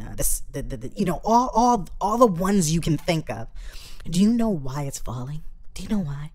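A woman with a notably deep, low-pitched voice rants to camera. Her delivery rambles and provokes, crude and loose in a comedic vlog style. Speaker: vlogger.

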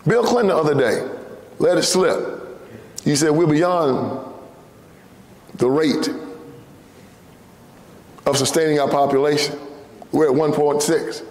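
A man with a Southern US accent from Tennessee giving an impassioned sermon-style speech in a church, preaching in a repetitive cadence that rises to shouts. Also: fairly high pitch, measured pace, pauses often. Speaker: guest speaker. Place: church sanctuary. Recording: echoey church hall.

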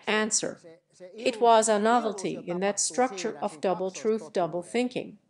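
A woman with a mid-range voice reads a translated lecture transcript aloud. Her delivery is even and measured, and she announces each question and answer in turn. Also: mid-range voice.

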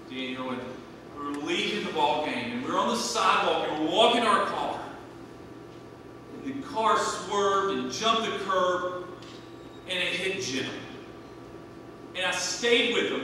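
A man in his thirties preaching a sermon, swinging between hushed and loud, emphatic delivery. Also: high-pitched, expressive, a little slow, noisy background. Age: 30s. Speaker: pastor. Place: church sanctuary. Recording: echoey church hall from a distant mic.

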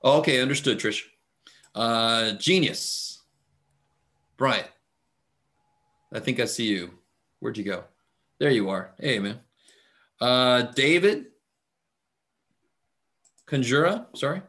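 Casual male math instructor on a video call, mid-pitched, easygoing and filler-heavy. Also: takes it slowly, pauses often. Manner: relaxed, chatty, many fillers. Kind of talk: casual online class talk. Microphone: computer mic on video call.

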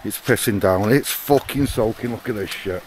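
A man's voice: lowish voice, moderate pace. A young man on a motorcycle trip, joking crudely and laughing with his mates at a rainy campsite. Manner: swearing, joking, laughing often. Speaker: motorcycle vlogger. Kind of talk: crude banter among friends. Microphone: action camera mic. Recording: noisy outdoor recording with clicks.

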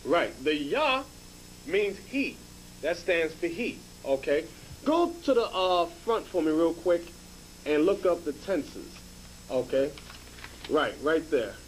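A man's voice: on the high side, expressive, takes it slowly, a little hiss or hum, low-quality recording. A man teaching as a bishop, hammering his points home and checking in with "okay?" after each one. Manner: emphatic, repeats points with "okay?". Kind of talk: scripture lesson to a group.

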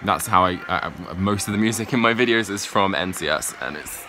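A man with a low voice talks briskly, chatting casually and cheerfully in his weekly vlog and often restarting his rambling sentences. He's a vlogger out and about in a city, moving between streets and indoor spots, while background music plays loudly over the recording.

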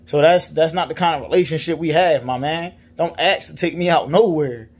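A customer with a Virginia accent, his voice a little high with a breathy edge, speaks briskly while griping about a dealer. The monologue is casual, frustrated and repetitive, with him mimicking others' words.

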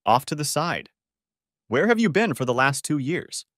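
A man's voice: a little high, very animated, moderate pace, fairly bright tone, dry recording, voice pushed up. A man plays a betrayed husband in a storybook reading, cold and cutting with a sarcastic edge. His voice rises a little above the narration and lifts and falls with feeling, in a dry, close recording. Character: cold, bitter husband confronting his wife.

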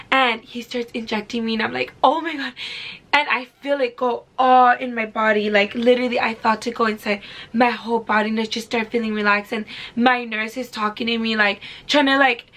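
A woman's voice: fairly high pitch, fairly even intonation, moderate pace, a bit bright. A young woman in her twenties from California, telling a story casually to camera in a chatty, filler-heavy way, swearing freely. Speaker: beauty vlogger.

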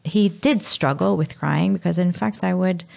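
A Maltese woman in her thirties, speaking candidly as a podcast guest, halting and sometimes dropping to a whisper. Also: fairly low pitch, vocal fry, darkish tone. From Malta. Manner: halting, drops to a whisper at times. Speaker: guest, mother.

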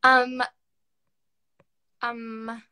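A woman's voice: fairly high pitch, level tone, extremely slow, pushed and bright, clean tone. A young woman hosting a phone live stream, chatty and giggly as she reads out comments. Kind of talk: casual chat. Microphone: phone on a live video call.

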